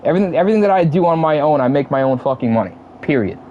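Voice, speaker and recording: A man in his twenties, a livestream gamer, vents casually to his chat in a slightly high, lively voice, talking rapid-fire. He's heated and profane and keeps repeating himself. The audio is narrow and tinny, with slight background noise.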